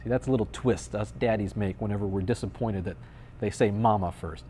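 A man's voice: on the low side, a little fast, mellow, slight background noise. A man in his thirties, a pastor giving a conversational sermon with playful, dry humor.

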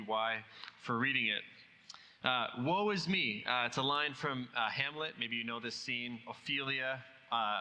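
A man's voice: mid-range voice, bright, forceful tone, big-room sound, rough recording. A man preaching a sermon in a conversational way, asking many rhetorical questions.

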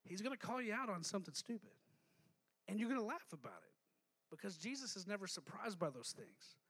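A male pastor preaching a lively sermon, joking and calling on the congregation to respond. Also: high-pitched, a little fast, husky.

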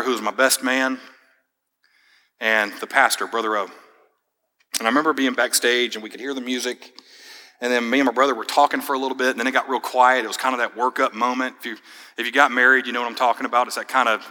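A man's voice: medium pitch, sharp tone, long reverb tail. A young man preaching a sermon, telling a personal story in a casual, friendly way. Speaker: pastor.

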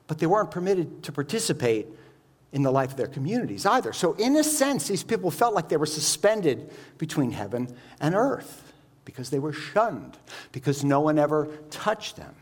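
Animated man preaching a sermon. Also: a little high, moderate pace, slightly rough. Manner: animated, explaining, asks rhetorical questions.

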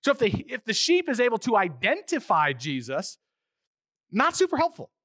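A male pastor preaching a conversational sermon, animated and acting out little voices as he goes. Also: sits high, moderate pace, dry recording, studio quality.

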